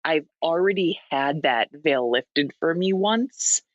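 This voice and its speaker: Lively Minnesotan woman on a muffled line. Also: sits low, takes it slowly, no room sound. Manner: candid, rambling, laughs easily. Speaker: podcast guest. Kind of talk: casual phone chat.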